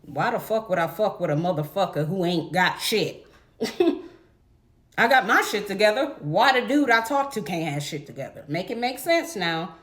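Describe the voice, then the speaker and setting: A woman's voice: mid-range voice, lively intonation, normal speed, fairly bright tone. A young adult woman telling a story in a casual, blunt, profane rant to her viewers. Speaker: vlogger.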